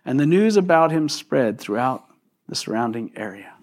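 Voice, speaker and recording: A man's voice: mid-range voice, sing-song, moderate pace, a little mellow. Conversational male pastor preaching. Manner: conversational, asks the congregation questions. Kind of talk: sermon.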